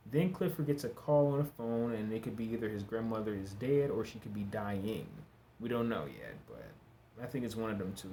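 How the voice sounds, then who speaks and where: A man's voice: lowish voice, darkish tone, slight background noise. Chatty man recapping a TV episode. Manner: chatty and loose, with frequent fillers and restarts; candid, with some slang. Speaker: TV episode reviewer.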